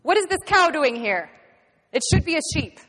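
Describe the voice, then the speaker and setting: A woman's voice: high-pitched, very animated, moderate pace, fairly bright tone, voice pushed up. A woman voicing a bossy male government inspector who barks commands, recorded in a reverberant room. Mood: commanding. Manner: barking commands.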